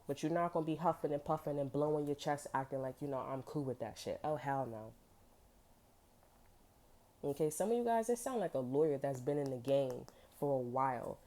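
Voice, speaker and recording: A woman's voice: low voice, warm tone. A woman giving a casual tarot reading, blunt and profane, full of emphatic slang. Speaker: tarot reader.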